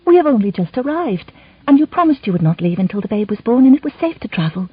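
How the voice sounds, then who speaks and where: A woman's voice: on the high side, big pitch swings, quick pace, husky, dry recording, pitched above the performer's own voice. A woman voicing a young noblewoman, earnest and formal in speech, in a slightly muffled recording. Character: young noblewoman, warm and eager bride.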